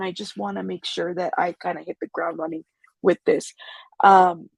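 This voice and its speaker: A woman hosting a casual livestream, raspy and congested from a cold, rambling and greeting viewers in the chat. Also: mid-range voice, no echo. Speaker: YouTube news host.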